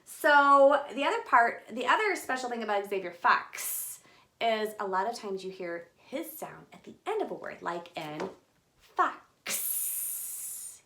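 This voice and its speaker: A woman leads a children's storytime, reading a picture book aloud and addressing young kids in an animated, expressive manner. Her voice sits a little high and keeps a moderate pace.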